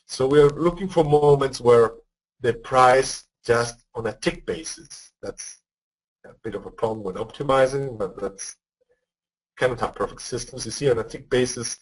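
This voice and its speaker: A man hosting a live trading webinar speaks at normal speed in a mid-range, slightly rough voice. He explains step by step, repeats words, and regularly asks whether people follow, all over poor audio.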